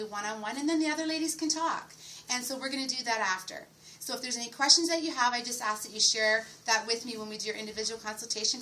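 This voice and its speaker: A woman's voice: on the high side, sharp tone. A middle-aged woman giving a sales training talk, enthusiastic and often asking her audience questions. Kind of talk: sales training talk with role-played pitch. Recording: distant mic with faint room noise.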